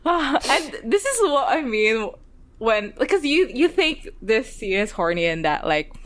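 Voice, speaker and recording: A woman's voice: a little high, sing-song, a little slow, fairly bright tone. A woman co-hosting a podcast, chatting casually about a TV episode, giggling and rambling as she quotes characters. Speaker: podcast co-host. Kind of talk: casual chat recapping a TV episode.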